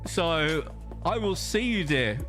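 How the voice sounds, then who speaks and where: A man's voice: a little high, sing-song, slow pace, a bit bright, faint music behind. An Australian man chatting casually on a game livestream, rambling and repeating words as he thinks aloud, reading viewer chat as he plays. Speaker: streamer.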